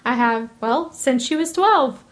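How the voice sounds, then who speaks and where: Chatty young woman, slightly high voice. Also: expressive, measured pace. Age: 20s. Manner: chatty, laughs often, rambling asides. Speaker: podcast host. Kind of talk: casual solo podcast monologue.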